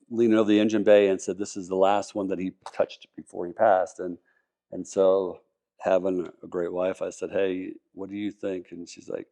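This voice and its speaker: An enthusiastic man with a somewhat low voice, chatting as a podcast guest. He rambles, restarts his sentences and piles on details. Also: warm tone. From Colorado, US. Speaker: podcast guest, car collector. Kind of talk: casual interview talk.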